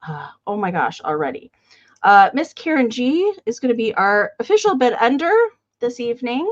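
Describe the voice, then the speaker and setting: A woman's voice: fairly high pitch, very animated, moderate pace, dry recording, highs cut off. A woman hosting a live online sale, chatting casually and greeting viewers by name. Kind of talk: casual live-stream chat.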